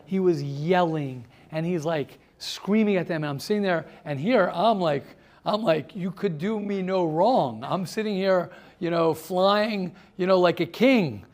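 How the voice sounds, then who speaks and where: A man's voice: sits high, a little slow. A man, a rabbi, giving a motivational talk to a small group, telling stories and calling on listeners by name. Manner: animated storyteller who addresses listeners by name; repeats words for emphasis. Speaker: rabbi leading a seminar.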